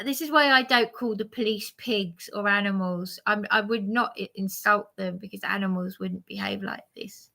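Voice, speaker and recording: A tired woman rambles through a casual livestream chat, stopping and restarting her sentences. She talks slowly, and her voice has a gravelly, creaky edge. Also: mid-range voice, pushed and bright. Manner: rambling, hesitant, many restarts.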